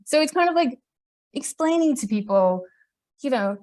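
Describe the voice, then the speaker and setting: A woman giving a conference talk, chatty and animated, laughing often. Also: high voice, fairly quick. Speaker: conference presenter.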